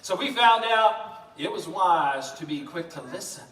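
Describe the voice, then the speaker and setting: A man preaching a lively, joking sermon in a church, talking fast and addressing the congregation. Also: high-pitched. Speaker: pastor. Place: church sanctuary. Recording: echoey church from a distance.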